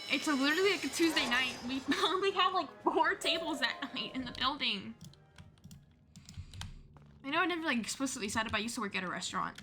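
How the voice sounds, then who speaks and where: Gaming host: young woman, fairly high voice, rambling and chatty, laughs a lot, game music behind her. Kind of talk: casual chat over gameplay.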